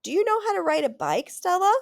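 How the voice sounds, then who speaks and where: A woman's voice: very high-pitched, very animated, quick pace, creaky, voice pushed up, exaggerated voice. A woman reading aloud, voicing a cheerful, friendly father in a jovial way.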